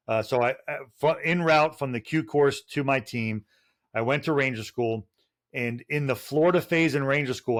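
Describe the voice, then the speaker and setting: Profane middle-aged man telling war stories. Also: medium pitch. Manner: profane, rambling anecdotes with many restarts. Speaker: guest, retired Special Forces officer. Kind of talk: casual podcast storytelling.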